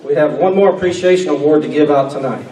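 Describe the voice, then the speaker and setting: A man, a police chief reading a halting, emotional award speech and clearing his throat. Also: a little high, warm tone. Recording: echoey hall from far off with faint room noise.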